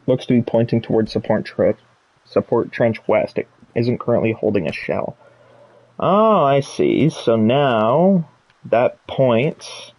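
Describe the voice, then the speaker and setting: A man's voice: medium pitch, no room sound, highs cut off. A man streaming a video game, reading items aloud and muttering to himself as he explores. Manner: muttering item names to himself while exploring. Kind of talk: casual gameplay commentary.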